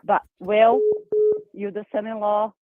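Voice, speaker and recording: A woman from Brazil with a Brazilian accent, calling in to a show and talking fast and emphatically. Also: mid-range voice, dry recording. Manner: fast, excited, emphatic talker. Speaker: caller. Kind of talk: call-in phone chat. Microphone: telephone. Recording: tinny dry phone line.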